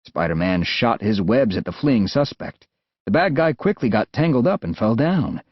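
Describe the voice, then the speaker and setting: Lively American male audiobook narrator. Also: lowish voice, moderate pace, no room sound. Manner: lively, expressive storytelling. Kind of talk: scripted narration. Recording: dull, dry studio sound.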